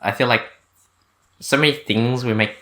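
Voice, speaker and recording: A man, reflecting calmly in a casual podcast chat, with hesitant fillers. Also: mid-range voice, moderate pace. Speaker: podcast co-host.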